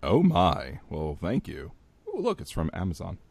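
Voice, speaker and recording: A man's voice: low-pitched, huge pitch swings, normal speed, gravelly, a little mellow, husky. A man hosting a podcast in casual chat, laughing often. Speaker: podcast host.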